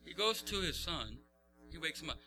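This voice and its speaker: A man's voice: on the high side, normal speed, faint music behind. A male pastor telling a story in a sermon, acting out the characters' voices. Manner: animated, acts out voices.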